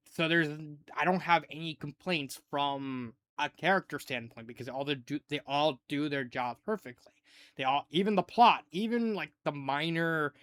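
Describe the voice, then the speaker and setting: A man with a fairly high, smooth and resonant voice gives a casual spoken review. He rambles, fills his sentences with "like", and gets animated when he retells scenes. The sound is dry and close. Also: no room sound. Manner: rambling, heavy use of "like". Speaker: fanfiction reviewer.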